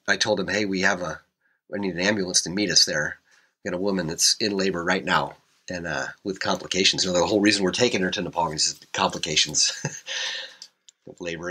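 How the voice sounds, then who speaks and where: A man's voice: low voice, pushed and bright, breathy edge. A man, a helicopter pilot, telling a rambling story in a casual interview, full of fillers and restarts.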